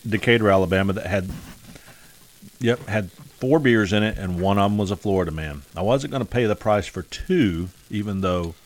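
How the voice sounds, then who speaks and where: A man's voice: on the low side, normal speed. A man hosting a podcast in casual chat, rambling and jokey with lots of fillers. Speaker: podcast host.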